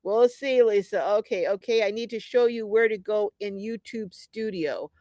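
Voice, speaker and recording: A woman's voice: mid-range voice, normal speed, mellow, no room sound, studio quality. A middle-aged woman hosting a casual livestream, chatty and upbeat, reading out viewer comments with lots of ums. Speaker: livestream host.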